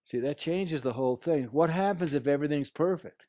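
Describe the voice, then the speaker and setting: A man's voice: a little high, fairly quick, no echo, clean studio sound. A man giving an earnest, anecdotal talk about negotiation, telling a personal story to make his point. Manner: earnest storyteller, drops to a quiet voice for quotes. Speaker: speaker sharing life lessons.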